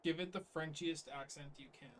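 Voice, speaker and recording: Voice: medium pitch, fairly even intonation, a little fast. The streamer's partner joins in the casual gaming chat, teasing playfully. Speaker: streamer's partner, playing along. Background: game music.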